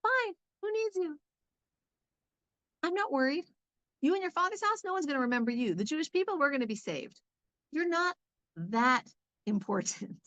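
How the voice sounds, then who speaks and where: Curt, dismissive elder man, played by a woman, high-pitched, dry and lo-fi. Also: sing-song, normal speed, long pauses, fairly bright tone, dry recording. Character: blunt stern male elder cousin, dismissive.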